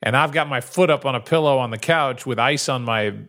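A man's voice: medium pitch, brisk, fairly bright tone. A male podcast co-host chatting casually, his stories rambling along with false starts. He slips into voices to act out what others said. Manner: rambling storyteller, acts out quotes. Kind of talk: casual chat.

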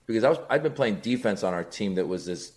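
A man's voice: on the low side, quick pace. A middle-aged man, a comedian guest, telling comic stories on a podcast and acting out the voices of the people in them. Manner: animated, acts out voices, rising excitement.

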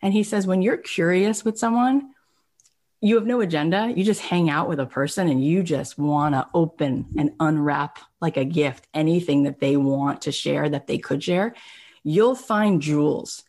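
A woman's voice: sits low, normal speed, a little mellow. A woman podcast host and coach telling a story in a chatty, casual way, full of fillers like "like", acting out the people she quotes. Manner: chatty, filler-heavy, acts out quoted voices.

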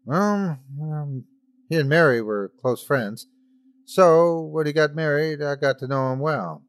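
A man's voice: fairly high pitch, a little slow, close to an everyday voice. A man voicing a big, blunt, folksy hunter driving a truck. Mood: uneasy.

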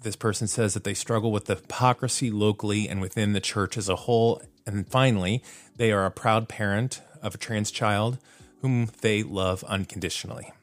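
A man's voice: fairly low pitch, fairly even intonation, normal speed, dry recording. A man hosting a solo podcast in a casual, self-deprecating way, laughing at himself and using plenty of fillers. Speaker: podcast host.

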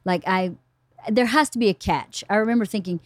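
A woman's voice: medium pitch, fairly quick, dry recording. A middle-aged woman hosting a casual book club podcast, telling family stories in a chatty way. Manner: chatty storyteller, acts out family dialogue. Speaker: podcast host.

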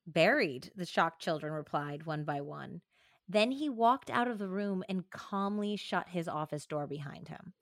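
A woman's voice: lowish voice, lively intonation, normal speed, dry recording, clean studio sound. Young woman hosting a true crime podcast. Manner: reads book excerpts, then chats casually with filler "like". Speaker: podcast host.

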